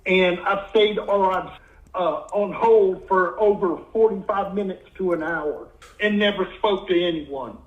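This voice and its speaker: A man in a recorded clip complaining in a frustrated, halting way about being unable to get through on a phone line. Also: sits high. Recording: dull echoey clip played on stream.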